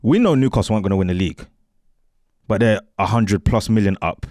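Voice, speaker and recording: A man's voice: lowish voice, quick pace, darkish tone, no echo, studio quality. A man, co-hosting a football chat show, quizzing and arguing back with a laugh. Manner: questioning, laughing, argumentative. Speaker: podcast co-host. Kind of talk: casual banter.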